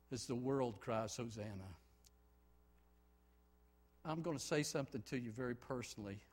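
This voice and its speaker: Impassioned male preacher, bright high voice. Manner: impassioned, swings from shouting to hushed pleading. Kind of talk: sermon.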